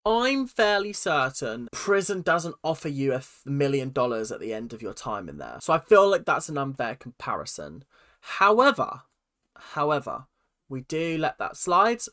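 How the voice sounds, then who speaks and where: A man's voice: mid-range voice, big pitch swings, normal speed, few pauses, a bit bright. A man hosting a reaction video, chatting casually and exaggerating with mock voices.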